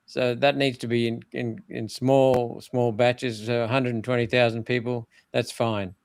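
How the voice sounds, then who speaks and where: Unhurried and gravelly, this older man talks at a medium pitch with little movement in his voice. As a former senator being interviewed, he makes blunt, emphatic political points and keeps restarting phrases, all captured in a dry recording.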